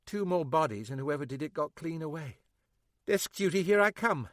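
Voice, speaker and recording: A woman's voice: low voice, expressive, no echo, clean studio sound, pitched above the performer's own voice. A man voicing an impatient, swearing female detective sergeant in an audiobook. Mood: urgent. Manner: sharp, swearing, quick-tempered. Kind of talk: audiobook character voice.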